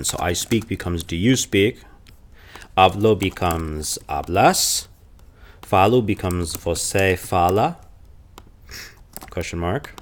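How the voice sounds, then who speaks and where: Deep-voiced man teaching a language lesson. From Chicago. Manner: explanatory, repeats example phrases slowly.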